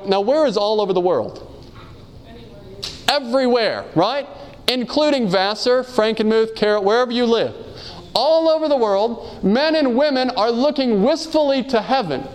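A man preaching a sermon, earnestly asking his audience rhetorical questions and telling personal stories. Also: very high voice. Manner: reads quotations aloud and tells personal stories.

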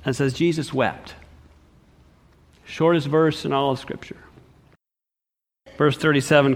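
A man's voice: a little high, fairly even intonation, moderate pace, long pauses. A man preaching a sermon, reading scripture aloud and adding short emphatic comments. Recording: long hall reverb.

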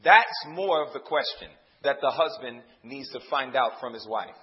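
A male preacher delivering a sermon. He calls out questions to the congregation and swings from loud, emphatic lines to low, hushed ones. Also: expressive, normal speed. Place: church service before a congregation. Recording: dull lo-fi sound.

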